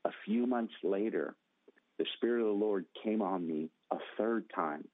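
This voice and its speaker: A man with a fairly low voice tells his testimony in a dramatic, storytelling way, jumping higher whenever he quotes someone. The sound is thin and phone-like, and it is dry with no room echo. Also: moderate pace. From Northern California. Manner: dramatic, acts out quotes with raised pitch. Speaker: guest telling his testimony.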